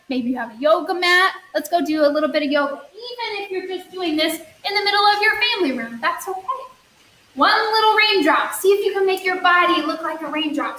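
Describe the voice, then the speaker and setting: Her pitch is extremely high and her tone sharp as she leads kids through story yoga, sing-songing a counting tale with encouragement and playful sound effects. Faint hiss, a distant mic and an echoey room color the recording.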